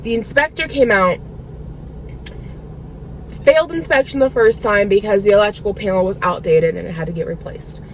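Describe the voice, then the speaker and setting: A woman's voice: medium pitch, moderate pace, long pauses, a little hiss or hum, low-quality recording. A woman vlogging from her car, talking casually and venting her frustration in a rambling way with lots of filler words. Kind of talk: casual venting vlog to camera.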